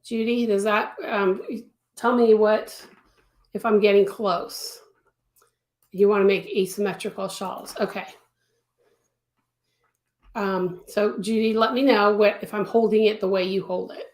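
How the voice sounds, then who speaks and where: A woman's voice: mid-range voice, steady tone, a little slow, pauses often, darkish tone. Woman, crochet teacher, live-stream tutorial, chatty, repeats words for emphasis, echoey room. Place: home craft studio.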